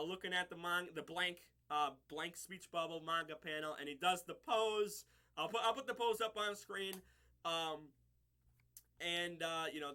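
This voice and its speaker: A man's voice: high-pitched, pushed and bright, clear, resonant tone. A man casually recapping and reviewing a show episode, rambling with lots of fillers and restarts and laughing at his own slips.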